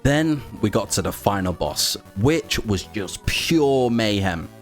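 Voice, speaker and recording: A man's voice: fairly low pitch, animated, slow pace, soft background music. A man giving a scripted voice-over narration of his gameplay, in a wry, sarcastic storytelling manner. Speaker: gaming video creator.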